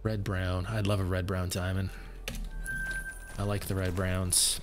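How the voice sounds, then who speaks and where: A man's voice: low voice, flat delivery, a little slow, music in the background. A man streaming live gameplay, chatting casually and answering his viewers' questions while sounding tired. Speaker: game streamer.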